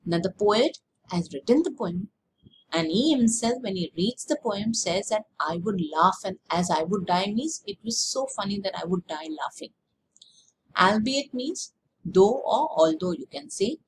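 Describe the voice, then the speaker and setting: A woman teacher explaining a lesson slowly, repeating words and checking with "okay?". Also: medium pitch, lively intonation, slight background noise, rough recording. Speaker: English teacher.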